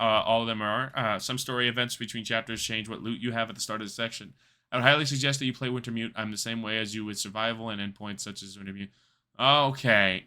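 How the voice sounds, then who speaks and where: A young man streams a survival game, his medium-pitched voice clear and resonant. He chats casually about the gameplay, reading chat aloud, laughing and swearing a lot in an animated, slangy way.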